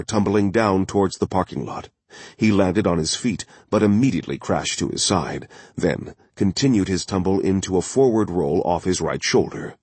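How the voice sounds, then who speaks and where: Male thriller narrator, very low, husky, steady, dry booth sound. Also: no room sound. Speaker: audiobook narrator.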